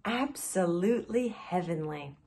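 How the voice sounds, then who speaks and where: A woman voicing a sweet, gentle male pangolin who speaks softly. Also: fairly high pitch, sing-song, slow pace, husky, full character voice.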